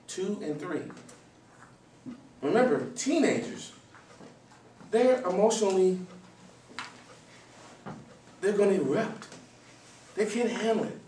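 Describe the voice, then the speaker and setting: A man giving a live motivational talk to students, telling stories in an animated way, acting out voices and sometimes shouting. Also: high-pitched, unhurried, pauses often. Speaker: motivational speaker. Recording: echoey hall from far off, faint noise.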